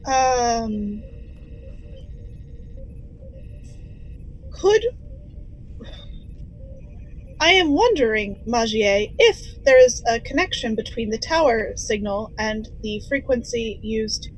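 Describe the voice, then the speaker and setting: A woman playing an earnest golden android officer in a tabletop game, halting and thinking aloud. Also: fairly high pitch, lively intonation, low-quality recording. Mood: musing. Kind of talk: tabletop role-play in character.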